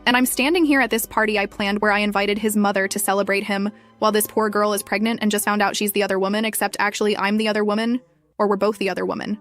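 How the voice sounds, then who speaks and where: A young woman narrating a scripted first-person story in a brisk, dramatic way. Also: medium pitch, flat delivery, a bit bright, faint music behind.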